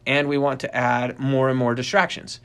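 A man's voice: moderate pace, gravelly, smooth. A middle-aged man giving a casual talk on dog training. He tells stories with energy, often restarts his sentences and uses many fillers. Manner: animated storyteller, acts out quoted voices in a high pitch; rambling with frequent restarts and fillers.

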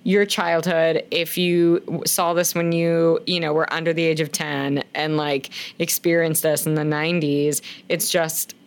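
A woman's voice: sits low, little pitch movement, a little slow, few pauses, clean tone. A young woman in casual podcast chat, gushing and emotional, swearing often as she recaps a film. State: tearful. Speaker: podcast co-host.

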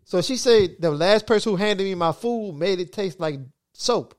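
A man's voice: sits high, moderate pace. A man co-hosting a casual podcast chat, telling profane stories with animation and laughing often. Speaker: podcast co-host.

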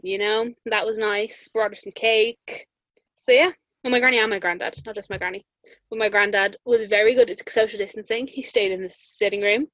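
A woman's voice: medium pitch, steady tone, fairly quick, a bit bright, no room sound, highs cut off. A young woman with an Irish accent, chatting casually and telling stories full of "like" fillers and laughter. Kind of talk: casual chat.

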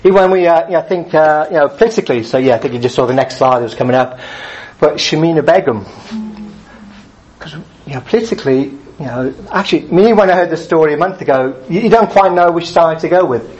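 A man preaching a sermon in a relaxed, conversational way, often with a "you know", now and then acting out angry drivers. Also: on the high side, quick pace. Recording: dull lo-fi sound.

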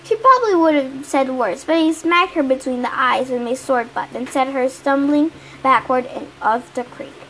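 A woman's voice: high voice, moderate pace, few pauses, a bit bright, a little hiss or hum, poor audio. A woman reading a novel aloud in the first person, with small restarts. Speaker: reader.

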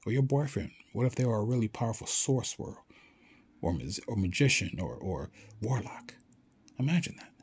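A man delivers a loose, animated motivational monologue, swearing casually and acting out quick exchanges. His voice sits low and has a slightly husky edge. He urges and exclaims rather than lectures.

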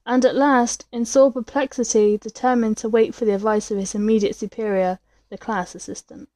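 A woman reading a classic story aloud in a measured, dramatic way as its storyteller. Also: on the high side, steady tone, dark tone. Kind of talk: scripted story narration.

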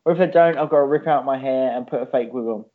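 A man's voice: mid-range voice, fast talker. A man co-hosting a casual chat, rambling and swearing a lot, on a dull lo-fi recording. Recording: dull lo-fi sound.

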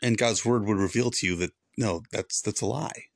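Former pastor hosting a faith podcast: earnest, repetitive, gravelly lower voice. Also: male voice, normal speed, no echo, studio quality. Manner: earnest, preachy, repeats for emphasis. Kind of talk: devotional podcast talk.

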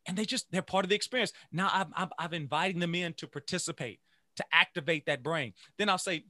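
A man who teaches music, giving an energetic motivational talk to teachers and chanting phrases in rhythm. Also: on the high side, a little fast, dry recording. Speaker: music educator.

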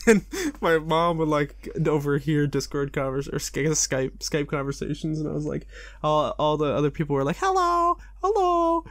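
A man's voice: a little high, level tone, moderate pace, no room sound, clean studio sound. A man in his twenties chatting casually on a podcast, rambling, joking and laughing often. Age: 20s. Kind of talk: casual chat.

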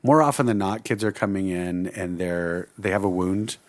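A man's voice: low-pitched, moderate pace, no echo. A middle-aged man, a Bible teacher, talking earnestly in casual conversation and rambling with many restarts.

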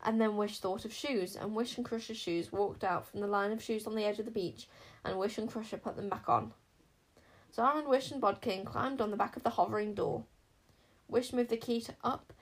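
A woman storyteller reading a children's fantasy novel aloud in a measured, expressive way. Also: mid-range voice, poor audio. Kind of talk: audiobook narration.

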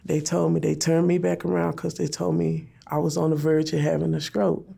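Gravelly, husky woman telling a personal story. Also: low voice, level tone, normal speed, dark tone. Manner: retells events in plain repeated phrases, speaking prayers aloud. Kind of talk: emotional personal testimony.

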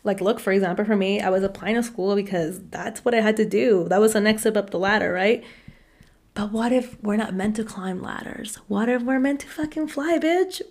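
A young woman in her twenties hosts her own podcast alone, speaking frankly and casually. She swears freely and often breaks into laughter between her points. Her voice sits at an ordinary middle pitch for a woman. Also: fairly even intonation, a little fast, a little mellow. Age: 20s. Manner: candid and profane, laughing often. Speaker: podcast host. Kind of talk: casual solo podcast monologue.

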